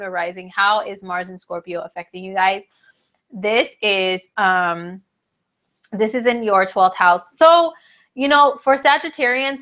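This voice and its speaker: A woman's voice: medium pitch, fairly bright tone. A woman hosting an astrology video, talking casually to her viewers in a chatty, slangy way with lots of fillers, a little stuffy in the nose. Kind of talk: casual talk to camera.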